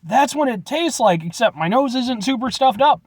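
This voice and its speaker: A young man from Illinois reviews a drink in a loose, rambling monologue, full of restarts and casual cursing. His pitch moves a lot, rising and falling within a sentence. The sound is close and dry, with no room around it. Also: lively intonation, moderate pace, dry recording. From Illinois, USA. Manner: rambling, blunt, swears casually, hesitant restarts. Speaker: vlogger reviewing root beer.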